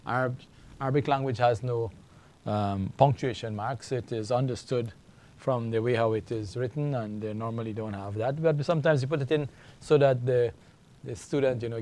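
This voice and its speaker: A middle-aged man teaching an Arabic lesson, speaking slowly and repeating words for learners. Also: medium pitch. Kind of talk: classroom language lesson.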